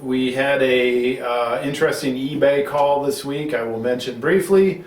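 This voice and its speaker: A middle-aged man hosts a casual home-recorded chat, rambling and teasing his co-host, often restarting his sentences. His voice sits at a middle pitch. The room rings around him and he sits a little back from the mic. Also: measured pace, hardly any pauses. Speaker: show host. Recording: roomy sound, mic at a distance.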